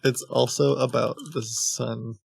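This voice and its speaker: Slow, gravelly-voiced joking male streamer. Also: mid-range voice, little pitch movement, dry recording. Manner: joking, laughs often. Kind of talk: casual live-stream chat.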